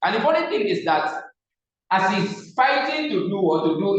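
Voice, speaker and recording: A man's voice: high voice, big pitch swings, normal speed. A man with a Nigerian English accent teaching public speaking to a live class. He talks emphatically, repeats phrases and quizzes the audience. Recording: echoey, distant, dull room recording.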